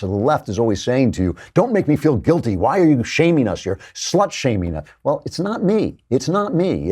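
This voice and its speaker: A male host giving a lecture-style monologue on his show, with a low, husky voice that swings widely in pitch. His tone is dark and mellow, and he often repeats words as he builds a point.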